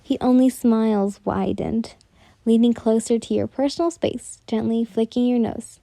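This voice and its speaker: A woman narrates listener fanfiction in a casual manner, correcting her slips as she goes. Her voice is very dark and mellow. The sound is dry and close. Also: on the high side, fairly even intonation, normal speed, creaky, no room sound. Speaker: fanfic reader.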